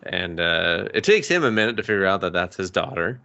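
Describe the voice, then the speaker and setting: A man's voice: low voice, big pitch swings, a little fast, bright, forceful tone, smooth. A man co-hosting a podcast, chatting casually as he retells a movie and acts out the characters' lines. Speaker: podcast co-host. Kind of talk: casual movie review chat. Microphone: podcast microphone.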